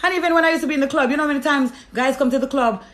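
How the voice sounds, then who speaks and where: A woman's voice: racing, fairly bright tone. A woman giving a casual, emphatic and profane monologue, telling her life testimony to an audience. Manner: emphatic and profane, acts out conversations with God in lower tones. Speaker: storyteller sharing her testimony.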